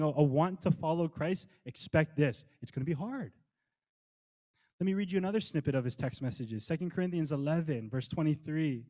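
A man delivers a sermon with a voice pitched a little on the high side. He preaches with passion, stacking rhetorical questions. He speeds through some passages and slows down to stress others. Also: warm tone. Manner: impassioned, rhetorical questions, swings between quick and slow emphatic delivery. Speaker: pastor.

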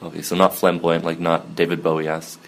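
A man's voice: low-pitched, completely flat delivery, brisk. A young man co-hosting a podcast in casual chat, hesitant with many ums and easy giggles. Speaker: podcast co-host.

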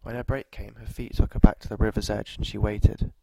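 Male narrator, dark and mellow tone, flat and measured, for a scripted story read. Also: fairly low pitch, vocal fry, no room sound, rough recording.

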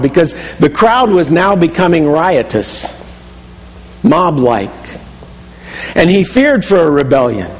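A man's voice: on the high side, animated, normal speed, a little mellow, in a large hall, poor audio. A man preaching a sermon, telling a story vividly in the second person and often restarting his phrases. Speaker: pastor.

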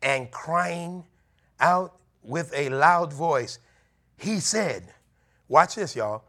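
High, bright-voiced animated preacher man. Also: extremely slow. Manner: animated preaching, acting out townspeople's warnings. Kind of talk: sermon.

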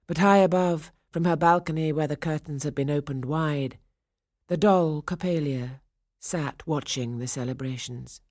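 A woman narrating a ballet storybook in a measured, expressive way. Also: deep voice, no room sound, clean studio sound.

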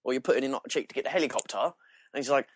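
A man's voice: mid-range voice, racing, slightly rough, dry recording. A young man from southern England, cohosting a casual podcast chat, sweary and joking. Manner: sweary, joking, lively delivery. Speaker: podcast co-host.

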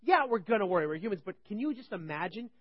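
A man's voice: sits high, big pitch swings, fast, no echo. Man teaching the Bible, dry dull audio. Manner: conversational, rhetorical questions, swings between loud and quiet. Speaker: preacher.

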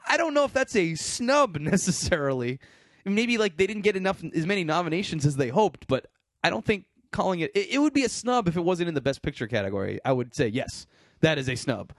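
Animated high-pitched man chatting. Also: brisk, no echo. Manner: animated, incredulous, swearing, filler-heavy. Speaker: podcast co-host. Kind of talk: casual chat.

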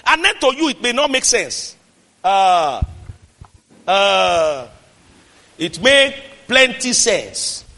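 A man with a Nigerian accent preaching a fiery sermon as pastor, swinging from quiet talk to shouted declarations. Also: high voice, sing-song, slow pace, pauses often, long reverb tail.

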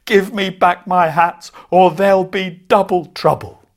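A man doing a shouting, fed-up hat seller. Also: fairly high pitch. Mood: angry shouting. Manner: shouting, pleading, then brisk and fed up. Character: grown man hat seller, easily upset.

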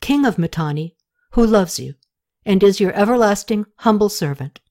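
A woman's voice: mid-range voice, animated, moderate pace, mellow, natural voice. A woman reading the lines of a male royal scribe as he proclaims a king's formal message in an audiobook. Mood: solemn.

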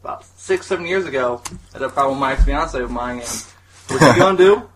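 Male guest, relaxed storyteller, mid-pitched, light background hiss. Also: quick pace, rough recording. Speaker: podcast guest. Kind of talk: casual chat.

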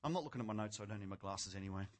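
A man preaching a sermon, passionate and theatrical, jumping from shouted points to quiet, sarcastic asides, on a mic clipped near his chin. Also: fairly low pitch, racing. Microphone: clip-on or headset mic near the chin.

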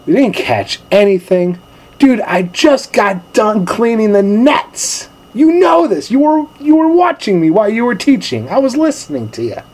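A man's voice: high voice, big pitch swings, normal speed, a little mellow, voice pushed up. A man voicing a tired adult fisherman who talks in a casual, exasperated way. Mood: weary. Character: weary adult male fisherman, frank and casual.

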